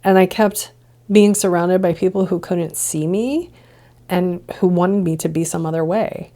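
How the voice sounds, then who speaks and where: A woman's voice: fairly low pitch, unhurried, mellow. A woman hosting a podcast, musing earnestly in a reflective solo monologue full of rhetorical questions. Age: adult, past childhood and drinking years. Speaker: podcast host, integration coach.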